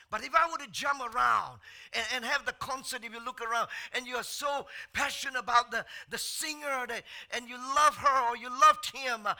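A man preaching a sermon to his congregation, moving from slow, quiet passages to loud shouted outbursts and rhetorical questions. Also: extremely high pitch. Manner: swings from soft, slow talk to shouted outbursts. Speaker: pastor.

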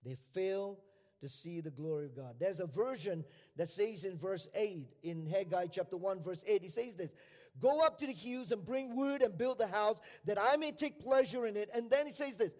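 A man preaching a sermon to a church, building to fervent shouting, in a large hall with long reverb. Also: high voice, normal speed. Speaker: pastor.

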